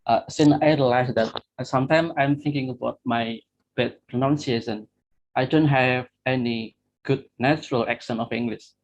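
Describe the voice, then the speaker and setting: A man's voice: medium pitch, gravelly. A man from Indonesia with an Indonesian accent, asking questions politely and hesitantly as a webinar participant. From Bantul, Indonesia. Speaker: audience participant. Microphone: video call. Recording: dull lo-fi video call audio.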